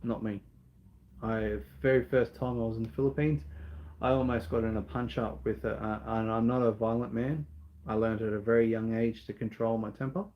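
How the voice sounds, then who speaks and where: A man's voice: fairly low pitch, fairly even intonation, normal speed, dull audio. A man with an Australian accent answering viewer questions in a casual live Q&A, talking in an earnest, rambling way full of ums and restarts.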